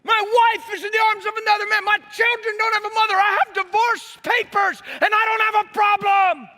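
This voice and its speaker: A man's voice: sits high, steady tone, drawn-out words, pushed and bright, breathy edge, voice pushed up, heavily acted. A man preacher acting out a desperate betrayed husband screaming at God. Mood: furious. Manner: screaming, frantic.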